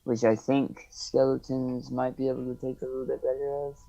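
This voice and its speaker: A man playing in a tabletop game, describing his moves deliberately and hesitantly with ums. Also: mid-range voice, monotone, creaky, mellow. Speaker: player. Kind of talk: casual game chat. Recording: dull lo-fi mic.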